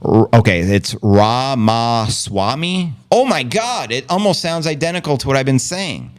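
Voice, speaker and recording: This man speaks briskly with a fairly high voice that swings widely in pitch. He hosts a casual livestream on a streaming setup, cocky and joking, cursing often and coining his own slang.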